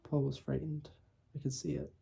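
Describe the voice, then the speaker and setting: A man reading a first-person short story aloud in a measured way, with small slips. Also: medium pitch, big pitch swings, gravelly, dark tone, husky. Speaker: audiobook reader.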